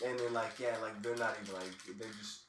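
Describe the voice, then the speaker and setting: A man's voice: lowish voice, fairly even intonation, fairly quick, fairly bright tone, reverberant, recorded from a distance, a little hiss or hum. A man hosting a casual chat with friends while they play a video game, talking loosely and swearing, with "like" in nearly every phrase. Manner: loose, profane, fills with "like".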